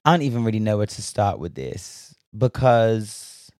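A man's voice: fairly low pitch, big pitch swings, unhurried, a little mellow, no echo, clean studio sound. A young man giving frank, casual opinion commentary, often sighing and restarting his sentences. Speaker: commentary vlogger.

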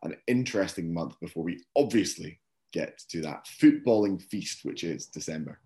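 A man co-hosting a football podcast, chatting in a relaxed, rambling way with lots of fillers. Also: low voice, moderate pace. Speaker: podcast co-host. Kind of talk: casual chat.

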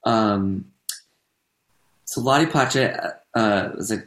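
A man's voice: lowish voice, takes it slowly, fairly bright tone. Rambling man, echoey room. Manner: rambling, full of fillers and self-corrections. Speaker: podcast co-host and stage performer. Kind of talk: casual chat.

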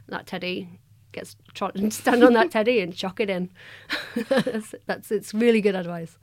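A woman's voice: medium pitch, no room sound, studio quality. A woman in her thirties, a guest novelist chatting casually on a podcast, telling stories with lots of laughter. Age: 30s. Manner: lively storyteller, quick to laugh. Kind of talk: casual chat.

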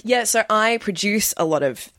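A woman's voice: medium pitch, lively intonation, moderate pace, fairly bright tone, no echo, clean studio sound. A woman hosting a podcast in casual chat, playful and teasing, swearing now and then. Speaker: podcast host. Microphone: studio microphone.

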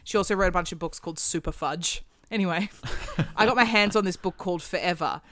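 A woman's voice: fairly low pitch, fairly quick, fairly bright tone, no room sound. A woman, chatting casually as a podcast co-host and telling stories with the odd curse word. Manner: chatty storyteller, swears casually. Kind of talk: casual chat.

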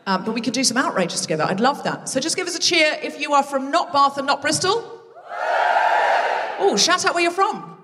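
A woman's voice: sits high, animated, a little fast, noisy background. Woman doing crowd work at a live comedy gig, playful teasing, echoey hall from a distance. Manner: playful, bantering with the audience. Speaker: comedy podcast host. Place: large theatre with a live audience. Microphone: stage microphone.

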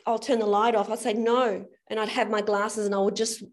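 A woman's voice: mid-range voice, level tone, brisk. A middle-aged woman co-hosting a podcast who speaks in an earnest, reflective, conversational way. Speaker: podcast co-host.

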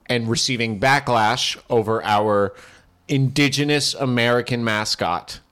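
A man's voice: medium pitch, a little slow, fairly bright tone, natural voice. Man playing Glorp, a boastful alien quarterback. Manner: stiff, formal and boastful, slipping into broken English. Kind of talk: improvised comedy character.

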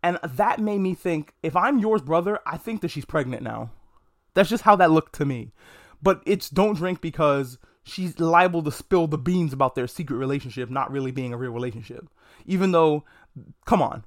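A man with a slightly high voice talks alone on a casual review podcast. He is frank and joking, and he swears freely. His speech is easygoing and off the cuff. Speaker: podcast host. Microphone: podcast mic.

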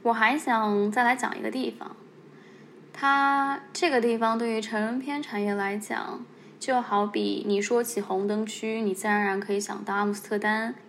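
A woman's voice: fairly high pitch, fairly even intonation, moderate pace, fairly bright tone, a little hiss or hum. A woman hosting a podcast, explaining in a conversational tone with playful asides. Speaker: podcast host. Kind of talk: casual podcast narration.

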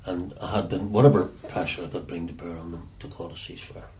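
A Northern Irish man telling stories from his past in an interview, often halting and repeating words as he searches for them. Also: sits low, fairly even intonation, warm tone. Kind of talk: reflective storytelling.

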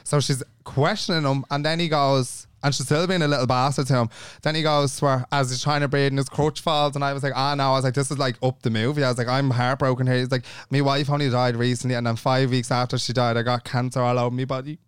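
Fast-talking Irish man telling a story. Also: medium pitch, clean tone, dry recording, studio quality. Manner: animated, acts out every voice in his story, swears freely. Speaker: podcast co-host. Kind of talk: casual storytelling chat.

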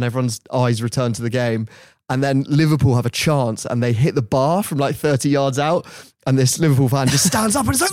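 A man hosts a podcast and tells an anecdote in a casual, lively way, chuckling as he goes. His voice sits in a middle register. The recording is dry and close, with no room sound. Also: medium pitch, no room sound. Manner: animated anecdote-telling, laughing often. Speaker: podcast host. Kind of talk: casual storytelling.

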